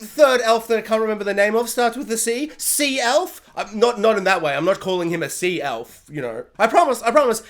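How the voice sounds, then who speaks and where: A reviewer giving a comedic spoiler review, animated and jokey, often acting out characters in silly voices. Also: mid-range voice, a little fast, few pauses. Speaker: TV show reviewer.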